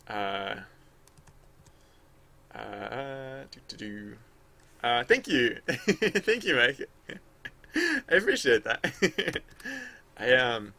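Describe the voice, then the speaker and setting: A man's voice: mid-range voice, sharp tone. A man live-streaming while drawing, chatting casually in a rambling, self-mocking way with many fillers and frequent laughs. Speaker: live-streaming digital artist.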